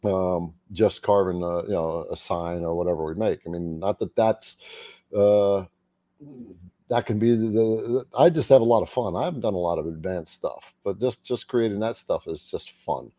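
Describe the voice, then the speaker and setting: A man's voice: low-pitched, normal speed, mellow, dry recording. A man hosting a casual livestream, chatting and greeting viewers by name. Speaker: livestream host.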